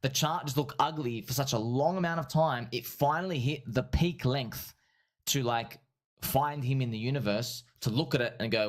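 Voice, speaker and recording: An excitable man hosts a casual livestream, talking his viewers through crypto charts. He keeps circling back to the same points, calls the audience friends, and laughs at his own remarks. His voice sits in an ordinary middle range for a man. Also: mid-range voice, moderate pace. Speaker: livestream host and crypto trader.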